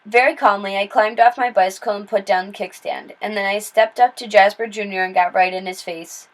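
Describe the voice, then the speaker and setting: A woman reading a children's novel aloud in steady, plain storytelling with small slips and restarts. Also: medium pitch, a little fast, low-quality recording. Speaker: read-aloud narrator.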